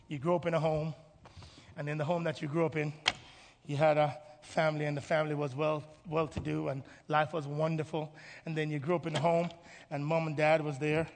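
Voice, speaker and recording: A pastor preaching an impassioned sermon in a church, swinging from hushed asides to shouting and calling for responses from the congregation. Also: male voice, on the high side, gravelly, slight background noise. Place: church sanctuary. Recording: reverberant hall with faint music.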